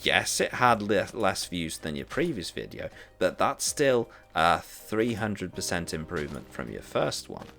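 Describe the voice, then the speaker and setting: Man, casual streaming chat, deep voice, rambling with restarts, faint music behind. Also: big pitch swings, unhurried, creaky, few pauses, a bit bright. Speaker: live streamer. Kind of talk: casual chat while gaming.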